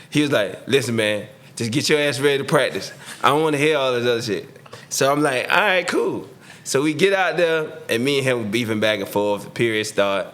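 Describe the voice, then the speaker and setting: A middle-aged man, telling a story casually as a podcast guest and acting out the voices of the people in it. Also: medium pitch. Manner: animated, slangy, acts out voices in his story. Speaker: podcast guest, former pro football receiver.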